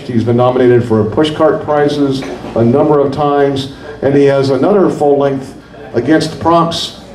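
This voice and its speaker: A man's voice: fairly high pitch, a little mellow, echoey room, distant mic, a little hiss or hum, poor audio. A man hosting a coffee shop poetry reading, introducing the poet informally and tripping over book titles. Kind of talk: event introduction.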